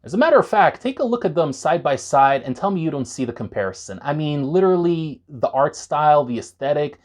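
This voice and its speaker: A man talking straight to camera in an animated, conversational way, reviewing pre-workout supplements for his viewers. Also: on the high side, fairly quick. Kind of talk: enthusiastic product review vlog.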